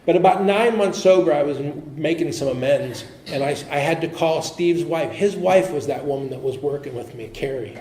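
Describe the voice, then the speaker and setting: A man speaking as an AA speaker, telling his personal recovery story in an earnest, halting way with frequent restarts. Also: fairly high pitch, warm tone. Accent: American. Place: meeting hall. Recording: echoey room with faint noise.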